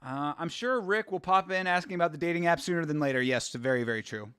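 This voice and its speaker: A man's voice: on the high side, fast, fairly bright tone, clean tone, no echo, clean studio sound. A man hosting a live watch-along stream, chatting casually, rambling and laughing as he reads from chat.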